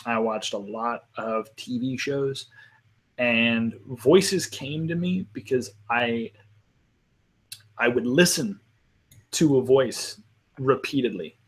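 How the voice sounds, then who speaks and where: A man's voice: mid-range voice, slow, pauses often. A man hosting a live panel discussion, talking casually and at length in a friendly, rambling way with lots of fillers. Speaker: panel host.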